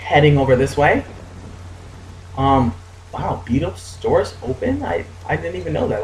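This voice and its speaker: A man's voice: a little high, lively intonation, unhurried, pauses often, reverberant, slight background noise, rough recording. Young man with dry gameplay asides. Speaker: let's play host. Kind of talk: casual gameplay commentary.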